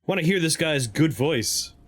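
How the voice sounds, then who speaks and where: A man's voice: on the high side, expressive, moderate pace. A man casually commenting as he plays a video game, joking around and sometimes breaking into silly voices. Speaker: streamer playing a game. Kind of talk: casual let's-play commentary. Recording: with game music behind.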